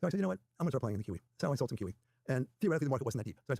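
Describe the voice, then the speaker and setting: A man as the guest trader in an interview, telling stories quickly and quoting other people's dialogue as he goes. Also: mid-range voice, lively intonation, vocal fry, warm tone, breathy edge, dry recording, clean studio sound. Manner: rapid anecdotal retelling with quoted dialogue. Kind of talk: interview storytelling.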